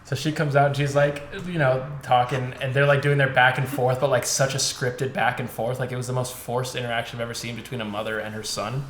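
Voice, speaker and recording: A man's voice: medium pitch, level tone, fast, hardly any pauses, fairly bright tone. A young man co-hosting a podcast, chatting casually with lots of filler words and casual swearing. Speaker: podcast co-host. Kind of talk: casual chat. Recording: echoey room with faint noise.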